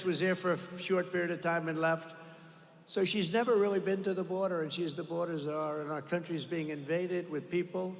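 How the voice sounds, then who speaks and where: A man's voice: fairly high pitch, gravelly. An older man giving a campaign rally speech in a large arena, boastful and repetitive, drifting into rambling asides. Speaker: political rally speaker. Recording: echoey arena with long reverb.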